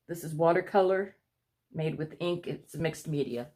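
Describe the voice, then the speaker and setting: Breathless low-voiced woman chatting to camera. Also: fairly even intonation, moderate pace, mellow. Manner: rambling, apologetic, chatty. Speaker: vlogger showing her paintings. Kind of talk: casual chat to camera.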